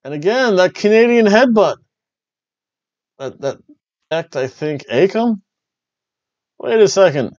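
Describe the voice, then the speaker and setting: A man hosting a wrestling review podcast, rambling and joking, jumping between loud bursts and mumbled asides. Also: high voice, animated, slow pace, long pauses, dry recording, lo-fi sound. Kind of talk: casual review chat.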